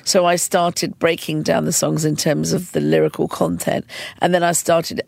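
Animated woman with a gravelly edge. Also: normal speed, no room sound. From United Kingdom. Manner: lively storyteller who acts out quotes in a high voice. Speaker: film director, interview guest. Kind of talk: storytelling interview answers.

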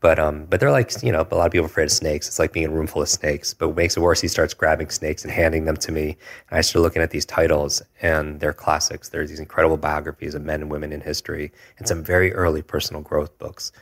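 A man in his forties, a guest telling a personal story in an earnest, reflective way, often pausing with fillers. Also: very deep voice, fairly even intonation. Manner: earnest, reflective, with frequent hesitations and filler words.

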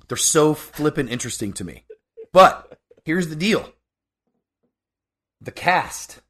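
Male podcast co-host, mid-pitched, rambling casual talker. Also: fairly bright tone. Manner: chatty, rambling, restarts often. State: sneezing and coughing.

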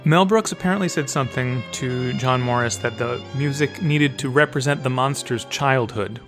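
Measured, analytical man discussing film music. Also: medium pitch. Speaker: podcast host.

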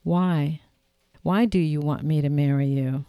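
A woman's voice: low-pitched, steady tone, unhurried, dark tone, smooth, dry recording, studio quality. Woman voicing a spirited young woman.

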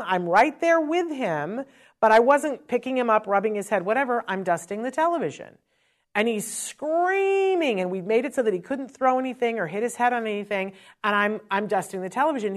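A woman with a fairly high voice speaks with earnest emotion, telling a personal story about parenting in a conversational talk on autism.

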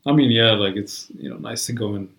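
A man's voice: on the low side, fairly quick, a bit bright, echoey room, rough recording. A man in casual chat, talking in a rambling, profane way full of "like" and "you know".

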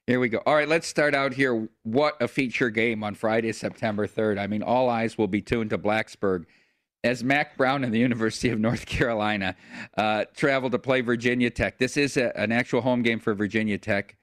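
A man's voice: medium pitch, steady tone, brisk, fairly bright tone, dry recording, studio quality. A man hosting a casual sports betting chat, easygoing as he leads the segments. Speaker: sports betting show host.

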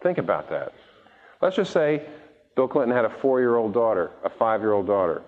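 A male preacher delivers a sermon with a wide-ranging, animated voice, often repeating a word as he restarts. He acts out the voices of the people he quotes. The recording is dull and muffled, with long reverb from a large hall. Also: on the low side, moderate pace. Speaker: pastor.

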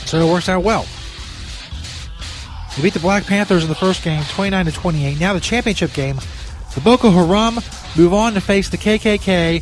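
A comedy podcast host with a high voice improvises a bit as a frustrated sports broadcaster stuck in a bad spot, ranting profanely and sounding exasperated. He speaks at normal speed with long pauses, and faint music plays behind him.

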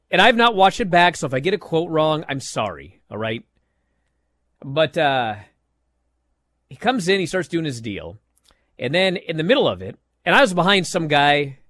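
A man telling a story on a podcast, his voice rising and falling with lively energy. He sits a little high for a man's voice, and the room is dry and close. He restarts his sentences often as he goes. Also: no echo. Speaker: podcast host. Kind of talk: casual chat.

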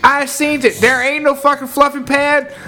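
A man telling a loud, profane work story in casual podcast chat, acting out his coworkers as he goes. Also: very high-pitched, normal speed, a crowd in the background. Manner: animated storyteller, acts out coworkers, heavy cursing.

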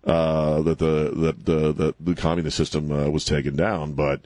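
A man's voice: very deep voice, little pitch movement, moderate pace, darkish tone, no echo, clean studio sound. A man hosting a talk radio show, rambling and sarcastic, laughing at his own jokes. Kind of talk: casual talk radio banter.

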